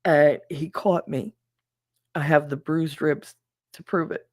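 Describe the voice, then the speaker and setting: A woman's voice: sits low, steady tone, takes it slowly, a little mellow, no room sound. A middle-aged woman hosting a podcast, telling a personal story in a rambling way, full of "like" and "he said". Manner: rambling, heavy use of "like" and "he said". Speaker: podcast host. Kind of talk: casual storytelling.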